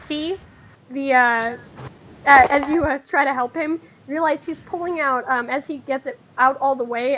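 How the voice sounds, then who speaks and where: Brief: woman GM, quite high voice, halting delivery, slightly muffled lo-fi sound. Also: bright, forceful tone, a little hiss or hum. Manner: halting, many fillers and restarts. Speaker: game master. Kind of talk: narrating a tabletop game.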